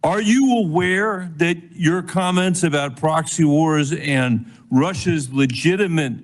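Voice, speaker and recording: A senator at a hearing, pressing a nominee with insistent, pointed questions. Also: male voice, on the high side, slow pace.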